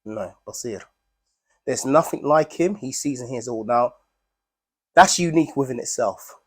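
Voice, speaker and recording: A man's voice: mid-range voice, animated, unhurried, breathy edge. Male teacher, mid-range voice, explains Arabic words to a class, checks for understanding often.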